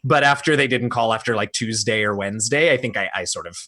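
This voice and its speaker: A man's voice: on the low side, quick pace, pushed and bright. Rambling, hesitant male player. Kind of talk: casual tabletop role-play chat.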